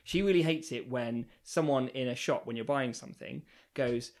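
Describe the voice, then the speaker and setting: A man co-hosting a casual comedy podcast, quick to laugh and to chip in with short jokes. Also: mid-range voice. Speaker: podcast co-host.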